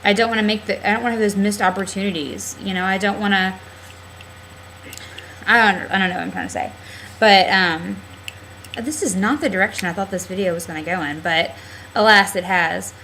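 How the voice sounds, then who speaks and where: Recording a casual webcam vlog, the young woman rambles candidly and fills her speech with plenty of "like" and "um." Her mid-range voice is brisk, pushed, and bright with frequent pauses, on poor audio with a little hiss or hum.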